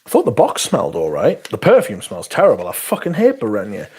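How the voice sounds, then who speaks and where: A man's voice: lowish voice, wildly swooping pitch, brisk, darkish tone, husky. A man hosting a livestream, chatting casually as he reads viewer comments aloud in a blunt, profane, sarcastic way. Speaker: livestream host.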